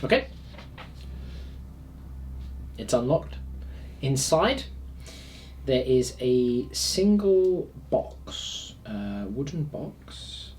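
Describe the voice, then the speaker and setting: A man, narrating a tabletop game as dungeon master in a slow, deliberate way with fillers. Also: medium pitch, sing-song, darkish tone, a little hiss or hum.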